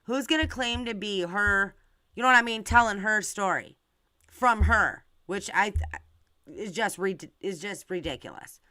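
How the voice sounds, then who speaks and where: A woman's voice: mid-range voice, measured pace, sharp tone, dry recording. A woman hosting her channel, talking casually and directly to her viewers with lots of fillers and restarts. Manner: rambling, filler-heavy, talks to viewers directly. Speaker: channel host. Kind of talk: casual live-stream commentary.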